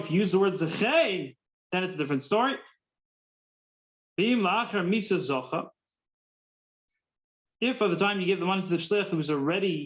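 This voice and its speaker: A man's voice: high-pitched, muffled recording. A man teaching a Talmud class, mixing Hebrew terms into English and often repeating words as he thinks.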